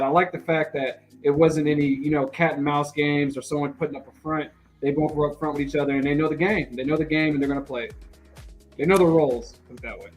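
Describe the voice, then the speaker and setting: A man co-hosting a TV recap podcast, talking in a relaxed, analytical way. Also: fairly high pitch, fast, faint music behind, rough recording. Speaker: podcast co-host. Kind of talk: casual TV recap chat.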